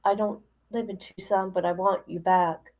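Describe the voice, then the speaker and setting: A woman's voice: mid-range voice, steady tone, normal speed, darkish tone, poor audio. A woman hosting a casual livestream, chatting colloquially, reading viewer comments aloud and laughing often. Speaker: livestream host.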